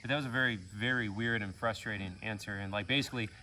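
A man's voice: lowish voice, quick pace, bright, forceful tone, a little hiss or hum. A man hosting a sanctuary vlog outdoors, explaining in a loose, casual way with plenty of fillers. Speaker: sanctuary owner and vlog host.

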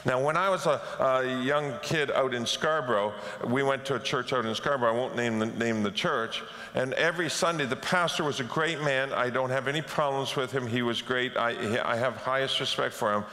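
A man's voice: mid-range voice, normal speed, hardly any pauses, pushed and bright. A Canadian man preaching a sermon as pastor, telling stories and acting out quotes as he goes. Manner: storytelling with acted-out quotes. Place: church sanctuary. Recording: echoey church hall.

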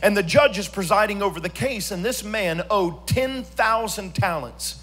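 A man preaching a church sermon as pastor, swinging from quiet storytelling to sung, shouted emphasis. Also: high voice, expressive, normal speed.

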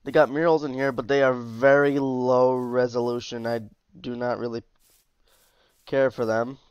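A man's voice: mid-range voice, level tone, moderate pace, a little mellow, clean tone, dry recording, dull audio. Tired, chatty man reviewing a game mod. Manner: chatty, easygoing, with asides and trailing off. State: tired, yawning. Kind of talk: casual gameplay commentary.

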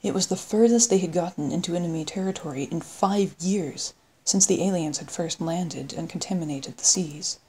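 A woman reading an audiobook in steady scripted narration. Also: fairly low pitch, normal speed, breathy edge. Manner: steady storytelling read.

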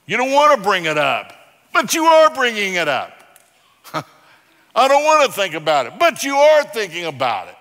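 Bright-voiced man preaching in a church hall. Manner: emphatic preaching, shifting between loud declarations and quiet, low passages. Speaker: pastor. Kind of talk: sermon. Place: church sanctuary.

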